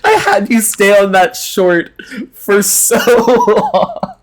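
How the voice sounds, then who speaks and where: A man's voice: high voice, wildly swooping pitch, slow pace. A man acting as game master in casual chat before a session, laughing often and swearing freely.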